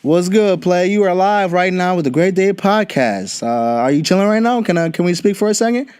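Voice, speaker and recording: A man's voice: high-pitched, expressive, brisk, a little mellow, smooth. A young man hosting a podcast, ranting bluntly and profanely in casual talk. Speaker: podcast host. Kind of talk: casual political rant.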